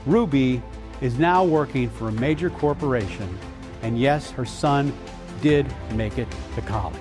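A man's voice: medium pitch, a little slow, over music. A middle-aged man giving a motivational keynote speech, telling stories with dynamic enthusiasm and playful quoted voices.

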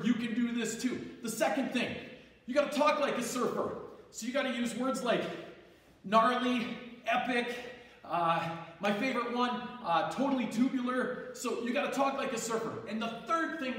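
A man voicing an upbeat adult male surfer dude who leads a kids' PE workout, with drawn-out slangy enthusiasm. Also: very high voice. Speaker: workout leader. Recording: echoey hall from far off, music behind.

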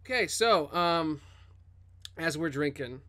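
Joking guy playing a tabletop game, bright tone, kinda high pitched. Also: lively intonation, takes it slowly, dry recording. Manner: playful, joking. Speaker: player. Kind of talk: casual tabletop game play.

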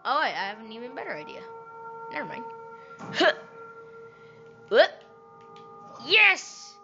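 A woman gaming and talking to herself, excitable and breaking into loud outbursts, recorded with dull, lo-fi audio. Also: a little high, moderate pace, music in the background. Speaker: gamer. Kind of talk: let's play commentary.

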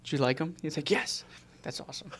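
A man's voice: a little high, fast talker, fairly bright tone. A young man, a guest vehicle technician, giving short laid-back answers in a casual chat.

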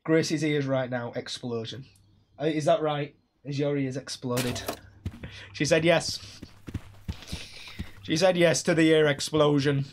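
A man's voice: fairly high pitch, fairly even intonation, takes it slowly, long pauses. A young man streaming a horror game live, chattering through his play and shrieking when chased. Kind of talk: live gameplay commentary.

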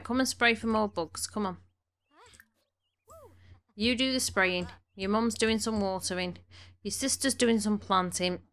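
A woman with a mid-range, fairly bright voice plays a game at home and comments casually as she goes. Allergies leave her a little snuffly while she chats and tells her characters what to do.

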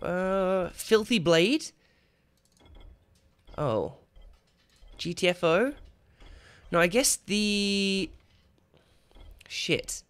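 Excitable swearing male gamer. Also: sits high, very slow, long pauses, clean tone. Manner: excitable, swears a lot, yells at the game. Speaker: gaming channel host. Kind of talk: let's play commentary. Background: game music and sound effects.

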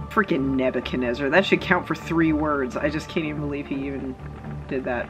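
A woman's voice: deep voice, fairly quick, music in the background, rough recording. A woman vlogger giving casual, rambling commentary full of chatty asides and fillers.

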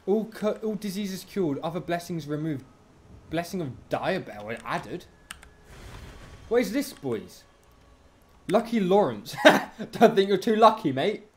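A streamer giving excitable let's-play commentary, taunting enemies in the game. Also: mid-range voice, slow pace, pauses often, a little hiss or hum. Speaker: gaming streamer.

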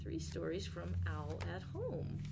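A woman's voice: on the low side, measured pace, heavy background noise. Woman reading a children's story aloud. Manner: gentle, expressive read-aloud with questions to listeners. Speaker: librarian storyteller. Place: library.

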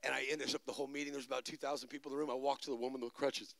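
Gravelly, bright-voiced charismatic preacher man. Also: flat delivery, no room sound. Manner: swings between shouted exhortation and low fast storytelling. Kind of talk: charismatic sermon.

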